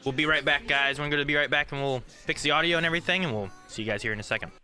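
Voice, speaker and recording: A man's voice: a little high, very fast, bright, forceful tone, soft background music. A man hosting a live game stream, chatting casually, thanking viewers and steering the group. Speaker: streamer and host.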